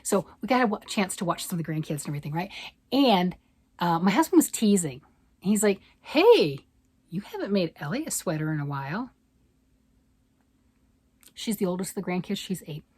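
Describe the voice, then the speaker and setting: A woman's voice: lowish voice, sing-song, normal speed, pauses often, a little mellow, husky, no echo. An older woman, a grandmother, chatting casually about yarn and knitting on her vlog, rambling and often asking "right?". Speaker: yarn vlogger. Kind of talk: casual chat.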